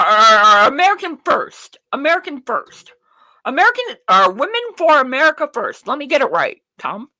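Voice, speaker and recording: High, lively woman host on a profane rant. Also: dry recording. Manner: blunt, profane, ranting; rambling with restarts and self-talk. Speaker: show host. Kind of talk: livestream commentary.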